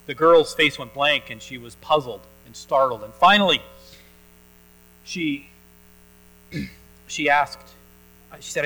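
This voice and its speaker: Male pastor, bright slightly high voice, folksy conversational sermon with plenty of fillers. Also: takes it slowly, long pauses, soft background music, rough recording. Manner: conversational storytelling, with many fillers and restarts. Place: church.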